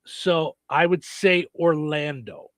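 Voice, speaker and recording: A man's voice: on the high side, fairly even intonation, slow pace, fairly bright tone, no echo. A middle-aged man hosting a radio show, rambling easily through a list with chatty asides. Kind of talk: casual radio banter.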